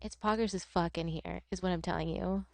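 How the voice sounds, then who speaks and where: Laid-back profane woman streamer, low voice. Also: steady tone, fairly quick, gravelly, darkish tone, no room sound. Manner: rambling, profane, laughing often. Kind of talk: casual chat while gaming.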